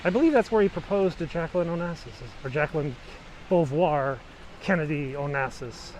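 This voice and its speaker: Out on a snowy city street, a middle-aged man films himself with a handheld camera, chatting his way through a casual walking tour full of rambling anecdotes. He speaks a little fast in a fairly high, slightly mellow voice; the rough recording carries a little hiss or hum.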